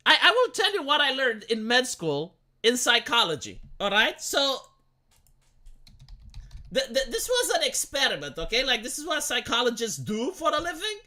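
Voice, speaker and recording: A woman's voice: high voice, big pitch swings, normal speed, pushed and bright. A young woman streamer ranting in casual chat, profane and exasperated, rambling with frequent restarts. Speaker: live streamer.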